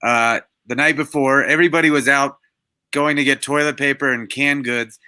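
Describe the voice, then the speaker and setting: A man, a comedian guest, telling a story in a relaxed, laid-back way. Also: mid-range voice, moderate pace, clear, resonant tone, no echo. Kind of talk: casual comedy chat.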